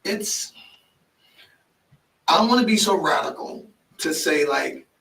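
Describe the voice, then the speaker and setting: A man hosting a podcast interview in a casual, animated way, often affirming his guest. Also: on the high side, slow, creaky. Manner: animated, frequent affirming "mm-hmm", restarts when excited. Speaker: podcast host and life coach. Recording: echoey room, mic at a distance.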